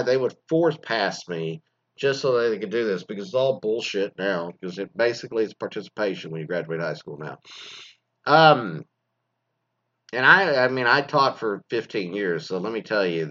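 A man in his forties, a former teacher from Texas, ranting bluntly with constant swearing and animated storytelling. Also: on the low side. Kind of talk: profane ranting monologue. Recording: slightly dull lo-fi recording.

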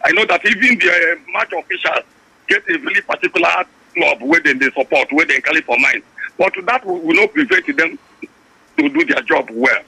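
A man calling in to a sports radio show, speaking haltingly and searching for words. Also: high voice, big pitch swings, creaky, pushed and bright, husky, no room sound. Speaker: caller. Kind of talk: phone-in call. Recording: phone line.

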